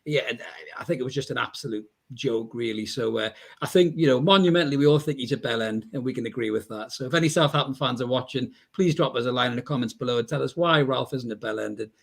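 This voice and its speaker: English man, podcast host, slightly husky, bantering, casual football chat. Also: medium pitch, fast, few pauses. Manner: chatty, banter-filled, swears casually.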